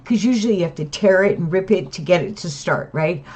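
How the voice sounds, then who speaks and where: A woman's voice: lowish voice, lively intonation, fairly quick, a little mellow, slightly rough. A tired woman rambling and venting to her camera at home, full of restarts and tag questions. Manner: rambling, weary, frequent "right?" and restarts. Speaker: vlogger. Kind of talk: casual venting monologue to camera. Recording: dull lo-fi sound.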